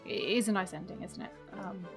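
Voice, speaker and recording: A woman's voice: mid-range voice, level tone, a little fast, over music. A woman co-hosting a book podcast, chatting casually and sharing opinions with lots of tag questions. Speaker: podcast co-host.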